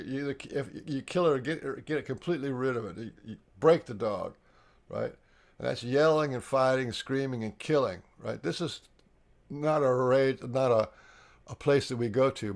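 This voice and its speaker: A man leading a live online healing workshop, explaining the steps earnestly and pausing often to restart and repeat his words. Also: medium pitch, gravelly. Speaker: workshop facilitator.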